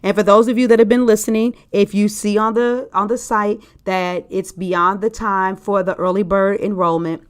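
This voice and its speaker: A woman's voice: mid-range voice, steady tone, moderate pace, few pauses, clear, resonant tone. A woman hosting a podcast as a sales coach, talking casually and emphatically straight to her listeners.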